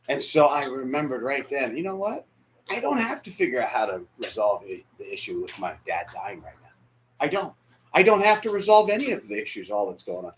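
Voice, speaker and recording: Emotional, high-voiced male pastor. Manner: emotional, swings from hushed to shouting. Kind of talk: sermon. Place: church sanctuary.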